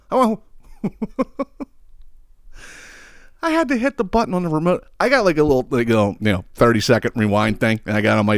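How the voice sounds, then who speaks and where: A man's voice: medium pitch, dry recording, clean studio sound. A man hosting a podcast, ranting in a casual, comic way, swearing a lot and breaking into laughs as he tells stories. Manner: profane, exasperated storytelling with frequent laughs. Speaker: podcast host. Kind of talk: casual comedic rant.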